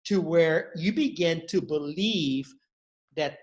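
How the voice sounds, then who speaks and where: A man hosting a podcast, asking questions in a halting way with many restarts and repeated words. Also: on the high side, lo-fi sound. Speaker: podcast host. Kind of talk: interview questions.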